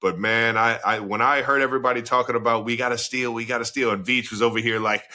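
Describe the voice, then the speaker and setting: Bright-voiced male co-host retelling excitedly. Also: medium pitch, fast. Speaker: podcast co-host. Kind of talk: casual chat.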